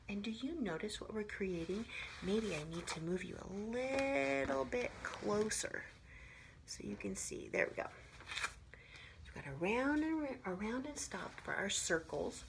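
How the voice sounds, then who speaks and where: A woman teaching an art lesson to preschoolers, patient and soft-spoken, often half-whispering. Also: mid-range voice, expressive, unhurried, creaky, a little hiss or hum. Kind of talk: slow, gentle instruction for preschoolers. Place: her room at home, fan running.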